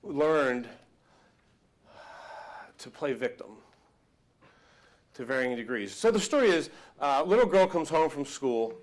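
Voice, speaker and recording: A man giving a live motivational workshop talk, telling stories in an animated, emphatic, conversational way. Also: fairly high pitch, slow, long pauses. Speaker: motivational speaker.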